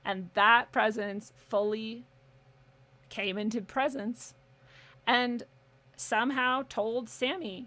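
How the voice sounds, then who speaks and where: A woman's voice: on the high side, steady tone, takes it slowly, pauses often, sharp tone. A young adult woman telling a personal story in a casual, candid way, swearing freely and laughing now and then. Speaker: podcast guest.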